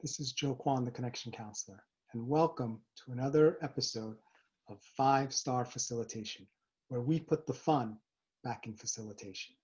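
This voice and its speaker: A man hosting a video series on facilitation, coaching viewers in an upbeat, animated way with quick asides and rhetorical questions. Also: mid-range voice, slightly rough, lo-fi sound. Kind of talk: scripted talk to camera.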